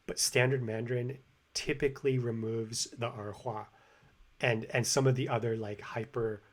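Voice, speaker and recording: A man hosting a language-learning video, a native English speaker talking casually and rambling with many restarts. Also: mid-range voice. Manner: rambling, lots of fillers and restarts. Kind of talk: casual commentary.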